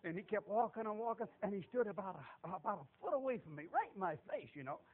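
Man preaching, high voice, folksy storytelling, shouted exhortations, tinny phone-like radio sound. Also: expressive, fast. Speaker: street preacher. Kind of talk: storytelling sermon.

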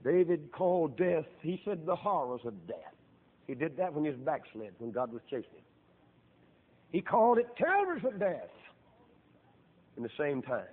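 Middle-aged preacher guy, kinda high voice, fervent sermon that builds loud and slow, tinny phone-like sound. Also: sing-song. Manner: fervent preaching that swells into loud, drawn-out emphasis.

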